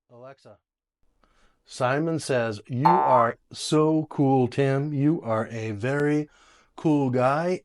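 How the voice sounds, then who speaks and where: A man hosting a casual tech video, chatty and quick to laugh, giving voice commands to smart speakers at home. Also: mid-range voice, a little hiss or hum. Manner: chatty, laughs often, restarts phrases.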